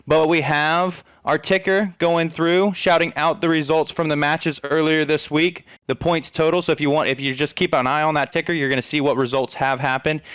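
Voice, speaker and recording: A man's voice: on the high side, fairly bright tone, smooth, no echo. A man casting an esports league broadcast, chatty and upbeat, talking straight to the viewers in chat. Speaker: esports caster. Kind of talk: casual esports broadcast commentary.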